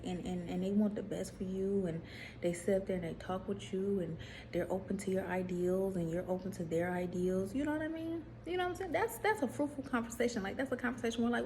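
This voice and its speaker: A woman, casually preaching to viewers in a vlog, animated, repeating herself and putting questions to the audience. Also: mid-range voice, slight background noise. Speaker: faith vlogger.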